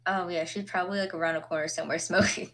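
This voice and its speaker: A woman's voice: fairly low pitch, steady tone, rapid-fire, fairly bright tone. Chatty laughing woman player. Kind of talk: casual chat.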